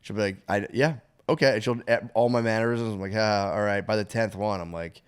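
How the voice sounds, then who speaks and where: Animated man telling stories with laughter. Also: fairly high pitch, a little slow. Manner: animated storyteller, laughs often, acts out voices. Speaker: podcast host. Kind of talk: casual chat.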